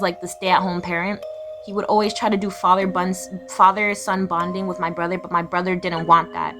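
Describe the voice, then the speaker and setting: A young woman telling her own painful life story in a raw, blunt, confessional way. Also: fairly low pitch. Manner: emotional, blunt, swearing, swings between raw and flat. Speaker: vlogger. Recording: music playing behind the voice.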